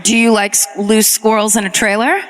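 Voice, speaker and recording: A woman from Northern California co-hosting a live comedy true-crime podcast, loud and quick with jokes and asides. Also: mid-range voice, flat delivery, over loud music. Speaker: podcast co-host. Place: large theatre stage.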